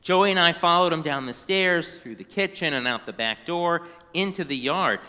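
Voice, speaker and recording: Man, children's storybook reading, animated, bright, high-ish voice, long hall reverb. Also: normal speed, clean tone. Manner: animated, sings short prayer phrases. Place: synagogue sanctuary.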